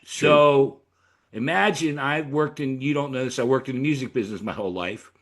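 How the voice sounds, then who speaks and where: A man's voice: mid-range voice, moderate pace, a bit bright. A middle-aged man from Pennsylvania hosting a casual interview, telling stories animatedly and swearing freely. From York, Pennsylvania. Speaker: host.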